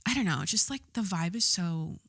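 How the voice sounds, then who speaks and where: A woman's voice: fairly low pitch, lively intonation, a little fast, a bit bright, breathy edge, no room sound, clean studio sound. A young woman hosting her own podcast, rambling and giggling through a casual monologue and swearing freely. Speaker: podcast host.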